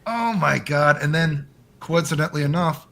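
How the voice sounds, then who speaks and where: A man as the guest in a casual interview over a call, rambling and animated and swearing often. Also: fairly high pitch, normal speed, gravelly.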